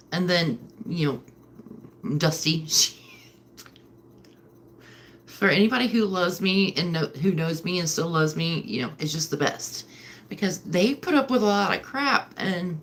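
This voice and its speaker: A woman's voice: fairly low pitch, slight background noise. A woman hosting a casual livestream from home at night, rambling and chatty with lots of fillers. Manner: chatty, filler-heavy, emotional. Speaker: livestream host. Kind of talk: rambling live-stream chat.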